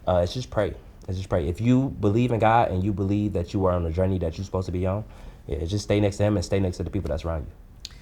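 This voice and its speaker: A man in his twenties, a guest in an interview, talking earnestly and casually with relaxed dialect grammar and easy laughter. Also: sits low, fast talker. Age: 20s. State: choked up at times. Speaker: guest, food reviewer.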